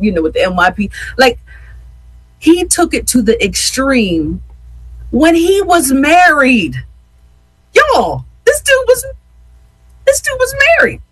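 Husky-voiced chatty radio host. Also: medium pitch, fairly bright tone, dry recording, poor audio. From Yeadon, Pennsylvania. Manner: chatty, repeats words, addresses listeners as y'all. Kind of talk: casual chat with listeners.

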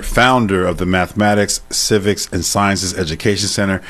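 A man hosting a radio talk show, speaking in a measured, polite way. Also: on the low side. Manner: measured, polite, with many backchannel hums.

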